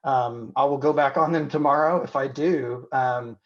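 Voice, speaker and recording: A man from Indiana talks through an interview in a reflective, candid way, often pausing on "you know" and starting sentences over. His voice has a gravelly edge, and the audio is dull and lo-fi. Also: medium pitch. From Indiana, USA. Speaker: physician and podcast guest.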